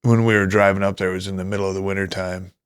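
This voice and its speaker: A middle-aged man with a fairly low voice tells an anecdote in relaxed conversation, jumping up into quoted voices as he acts out the people in it. The sound is close and dry with no room to it. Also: very fast, smooth, dry recording. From North Dakota, US. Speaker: guest, retired Army Ranger. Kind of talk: casual storytelling.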